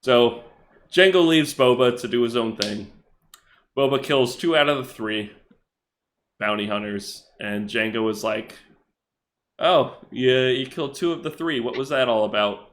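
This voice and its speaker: Guy on a podcast summing up comic plots, chuckles a lot, mid pitch, loose and casual. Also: moderate pace, fairly bright tone. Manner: laughs often while summarizing comic plots. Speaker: podcast co-host. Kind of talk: casual comic recap chat.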